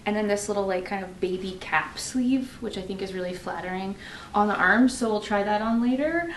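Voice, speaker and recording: Chatty woman vlogging in an echoey room. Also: medium pitch. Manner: chatty and effusive, gushing, with many likes and quick asides. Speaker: beauty vlogger. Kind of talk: casual vlog chatter to camera. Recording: roomy echo, faint noise.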